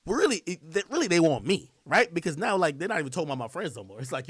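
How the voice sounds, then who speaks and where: A man's voice: fairly high pitch, sing-song, a bit bright, slightly rough, no room sound. Insistent man streaming, dry sound. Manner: repetitive, insistent, drawn-out phrasing. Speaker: streamer in clip. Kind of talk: livestream monologue.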